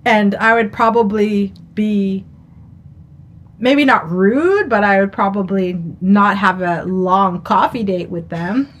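A woman's voice: medium pitch, slow pace. A woman in casual conversation about a TV drama, giving dry, understated replies.

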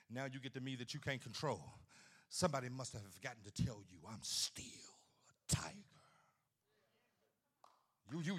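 Fiery preacher man, bright forceful voice. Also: medium pitch. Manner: dramatic swings between shouting and hushed asides; folksy, humorous preaching with repetitions. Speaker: pastor. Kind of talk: sermon. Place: church at a men's conference.

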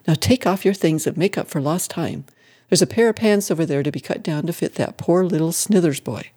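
A gossipy church sister hurries out her news, as a reader puts her on. She sounds eager and a little bossy, with a mellow, dark tone. It belongs to a homespun old storybook. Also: mid-range voice, a little fast, natural voice. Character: gossipy church society woman, watchful and bossy.

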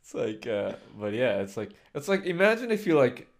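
A man's voice: medium pitch, sing-song, normal speed, crowd noise. A young man co-hosting a podcast in casual chat, laid-back and rambling with many fillers. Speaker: podcast co-host.

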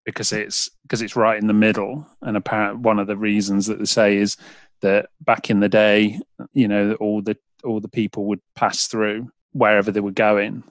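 A man's voice: lowish voice, flat delivery, normal speed, dry recording. A British man hosting a podcast, rambling in casual chat with lots of fillers and restarts. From United Kingdom. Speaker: podcast host.

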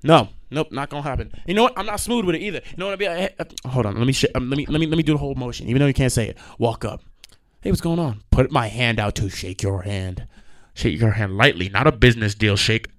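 A young man hosting a solo podcast, ranting in an animated, exasperated way and swearing often. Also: medium pitch, quick pace, no echo, studio quality. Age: young adult. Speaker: podcast host.

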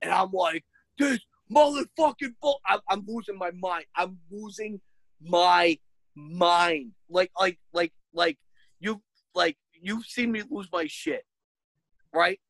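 A woman's voice: lowish voice, slow, a bit bright, no echo, rough recording. A woman co-hosting a casual chat, ranting in exasperation with lots of swearing and bursts of laughter. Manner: rises to shrieking when worked up.

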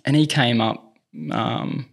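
An Australian man, a tennis movement coach, telling lively anecdotes in a casual interview. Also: mid-range voice, takes it slowly, gravelly. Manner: lively anecdotes, acts out quoted dialogue.

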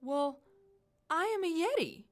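A huge, fluffy male yeti who scares easily and yelps in a squeaky, high voice, as a woman reads him aloud. He swings wildly up and down in pitch and sounds silly and lonely. A children's storybook character. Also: very animated, a little slow, faint music behind, exaggerated voice. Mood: earnest.

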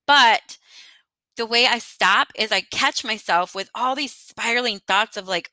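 A woman's voice: fairly high pitch, animated, moderate pace, sharp tone, no room sound. A woman in her thirties hosting a podcast alone, talking in a chatty, earnest way and laughing lightly now and then. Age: 30s. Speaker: podcast host. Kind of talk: casual solo podcast monologue.

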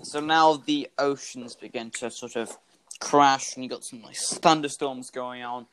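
A man narrating a tabletop game as game master for a podcast, in a loose, rambling way full of fillers and sudden loud bursts. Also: medium pitch, fairly even intonation, unhurried, a little hiss or hum.

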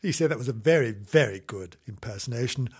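Husky man playfully reading a story. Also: medium pitch, animated, brisk. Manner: playful, sing-song, breaks off into cheeky asides and apologies. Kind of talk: mock children's story reading.

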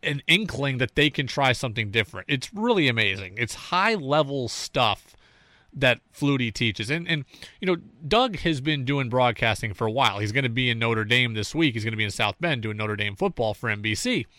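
A man's voice: medium pitch, moderate pace, dry recording, studio quality. A man hosting a sports talk show, recapping plays and ranting like a fan. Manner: animated, fan-style ranting with play-by-play recaps. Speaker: sports radio host.

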